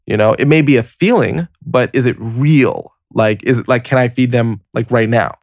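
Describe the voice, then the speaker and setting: In a clean studio recording with no room sound, a mid-range male voice moves at a normal speed. He's a motivational podcast host chatting casually and directly with his listener, peppering his lively, step-by-step explanations with plenty of "like" and "you know."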